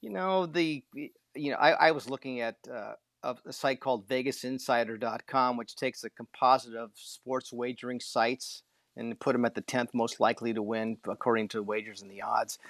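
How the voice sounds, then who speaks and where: A man's voice: mid-range voice, fairly even intonation, normal speed, a bit bright, no room sound. A man co-hosting a sports podcast, chatting casually in a rambling way with folksy joking asides.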